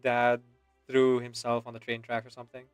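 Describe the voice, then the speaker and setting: Male streamer host, casual, laid-back, mid-pitched, faint background music. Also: moderate pace, clear, resonant tone, no echo. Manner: relaxed, chatty, laughs often.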